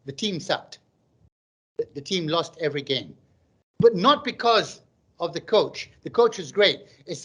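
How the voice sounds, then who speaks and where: A middle-aged man does stand-up on a live online stream. He talks in a casual, jokey way and often reads out viewers' comments. His voice sits a little higher than most men's. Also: a bit bright. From Malaysia. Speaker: stand-up comedian.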